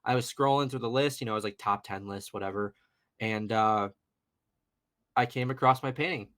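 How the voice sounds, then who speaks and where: A man's voice: fairly low pitch, moderate pace, a bit bright. A young man in his twenties, a guest paranormal investigator, telling a personal story casually on a podcast, rambling with many fillers. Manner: chatty, rambling, lots of fillers and "you know".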